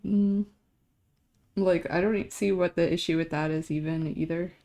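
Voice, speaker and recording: A woman's voice: on the low side, steady tone, moderate pace, warm tone. A young adult woman streamer chatting casually while she draws, telling a rambling story and laughing often.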